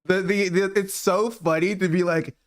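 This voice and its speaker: A man's voice: sits high, fairly even intonation, normal speed. A man streaming and reacting to a clip in casual commentary, full of fillers and laughter. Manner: laughing, filler-heavy, mocking.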